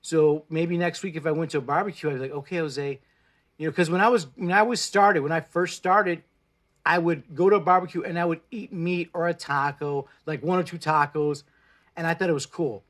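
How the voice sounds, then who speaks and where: A man's voice: fairly high pitch, steady tone, brisk, fairly bright tone. A man in his forties whose first language is Spanish, chatting bluntly on a livestream and swearing freely as he gives pep-talk advice. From Mexico. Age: 40s. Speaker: plant-based food vlogger. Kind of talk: casual livestream chat. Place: indoors, live stream.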